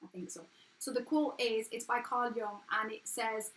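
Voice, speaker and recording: A woman's voice: on the high side, normal speed, a bit bright. A woman in her thirties with an everyday English accent, hosting a casual motivational live stream from home, talking frankly and earnestly in a chatty way. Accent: English, not posh. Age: 30s. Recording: echoey room.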